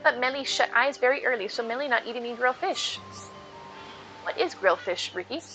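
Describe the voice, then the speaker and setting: Brief: woman voicing a chirpy little male creature, baby-talk, third person, bright and high. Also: expressive, fairly quick, soft background music, rough recording. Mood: eager. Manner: clipped baby-talk, speaks of himself by name. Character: small round childlike male Nopon creature, cheerful, broken speech.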